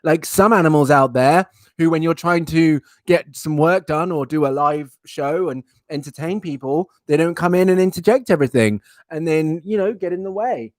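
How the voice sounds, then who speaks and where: A man's voice: fairly high pitch, normal speed, no echo. A young man hosting a live stream, chatting in a playful, rambling, self-mocking way. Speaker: livestream host. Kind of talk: casual live-stream chat.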